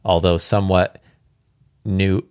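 A man casually reading a classic story aloud, relaxed and chatty, breaking off now and then to comment on the text. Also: low-pitched, slow pace, clean tone, dry recording, clean studio sound. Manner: relaxed, chatty, comments and laughs at his own slips. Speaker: reader.

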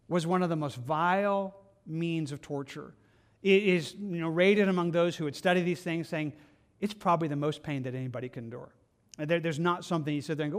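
A man preaching an Easter-season sermon as pastor, in an earnest, conversational way, often repeating and restarting words. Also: on the high side.

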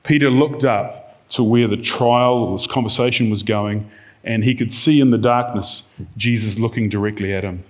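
A man's voice: mid-range voice, steady tone, moderate pace, a little mellow. Conversational male preacher. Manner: conversational, acts out quoted lines in varied tones. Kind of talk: sermon.

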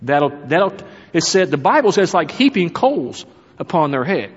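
A middle-aged pastor preaches with a slightly raised, husky voice, and his sermon is full of storytelling and asides to the congregation. The sound is dull and lo-fi, with a long reverb from the church hall around him. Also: on the high side, very animated, a little slow. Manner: storytelling with humor, talks to the congregation. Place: church sanctuary.

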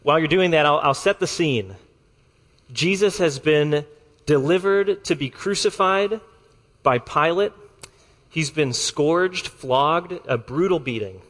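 A man preaching a sermon to his congregation in a measured, deliberate way, slowing down to stress key words. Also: on the high side, a bit bright, big-room sound. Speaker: pastor.

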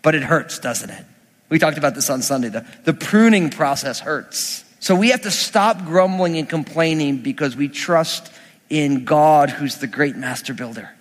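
Man, pastor, sermon, casual and emphatic delivery, slightly high-pitched, long reverb in the hall. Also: normal speed. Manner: conversational, emphatic preaching with asides.

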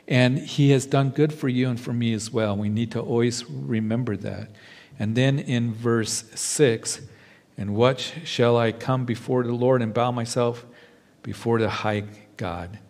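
A man preaching a sermon as pastor, reading scripture aloud and explaining it, now and then pausing on fillers. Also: mid-range voice, a little mellow. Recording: long hall reverb.

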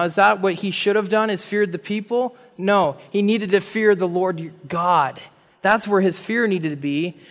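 A man's voice: high voice, fairly bright tone. A man preaching a sermon, retelling a Bible story in casual speech and acting out the figures' words with animation. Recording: reverberant hall.

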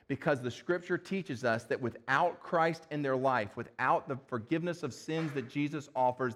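A pastor preaching an earnest sermon, reading scripture and asking rhetorical questions. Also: male voice, mid-range voice, fairly bright tone. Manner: earnest, rhetorical questions, addresses listeners as friends.

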